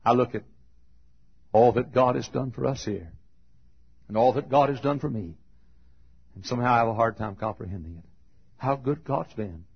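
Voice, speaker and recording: Gravelly, husky preacher man, shouting. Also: moderate pace, long pauses. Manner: swings from shouted high cries to hushed low tones, laughs between phrases. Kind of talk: fiery funeral sermon. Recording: dull lo-fi recording.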